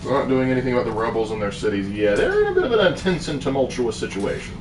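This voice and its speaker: A man's voice: medium pitch, big pitch swings, quick pace, distant mic, over music. A man making dry, joking asides during a casual game stream. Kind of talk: casual gameplay chat. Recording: echoey, a bit off-mic, faint noise.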